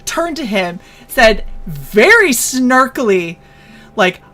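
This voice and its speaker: A woman hosts a relaxed conversation with a voice that sits a little high for her sex. She tells stories with plenty of animation and acts out the lines of the people in them. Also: slow pace. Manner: animated storyteller, acts out quotes. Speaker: host. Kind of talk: casual chat.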